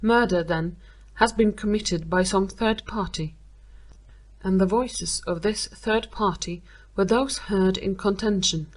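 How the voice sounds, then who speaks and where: A woman's voice: medium pitch, close to an everyday voice. Woman reading as a detached, reasoning male detective. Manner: measured, reasoning.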